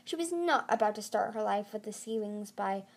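A woman's voice: medium pitch, expressive, normal speed, gravelly. A woman reading a fantasy novel aloud as an amateur narrator, stumbling and restarting words now and then and lifting her voice for the dialogue. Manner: reads with frequent slips and restarts. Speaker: audiobook reader.

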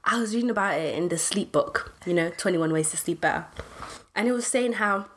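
A woman's voice: medium pitch, fairly quick, fairly bright tone. A young woman, co-hosting a podcast and explaining things emphatically with slang. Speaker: podcast co-host. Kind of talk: casual podcast chat.

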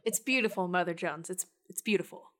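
A woman's voice: fairly low pitch, brisk, a bit bright, lightly acted. A woman voicing an imaginative, upbeat young woman who rambles with playful jokes.

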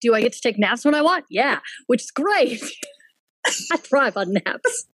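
Woman, higher voice, casual storytelling, laughing, swearing, dry close sound. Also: very animated, a little slow, fairly bright tone, no echo, low-quality recording. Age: adult with a child. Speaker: henna artist and business owner.

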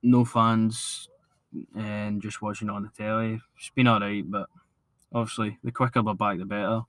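A Scottish man co-hosting a casual football podcast, calmer and agreeable, steering the chat along. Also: fairly low pitch, normal speed, no echo. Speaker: podcast co-host.

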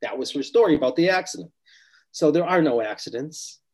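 A man's voice: on the high side, lively intonation, fairly quick, poor audio. A man working as a spiritual healer, earnestly recounting a client session in conversation and explaining each step. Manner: earnest, explanatory, acts out quoted speech.

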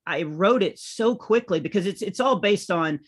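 Middle-aged male comedian, lively anecdotal delivery, slightly high-pitched voice. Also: moderate pace, slightly rough. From United States. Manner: animated anecdotal storytelling. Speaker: comedian and author guest. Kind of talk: conversational interview.

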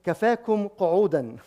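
High-voiced priest preaching, halting restarts. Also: male voice, big pitch swings, warm tone. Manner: frequent restarts and repeated words, chuckling asides. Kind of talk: sermon.

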